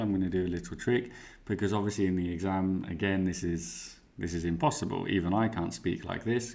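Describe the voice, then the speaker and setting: A man teaching exam speaking skills, explaining clearly and giving worked example answers. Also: sits low, darkish tone.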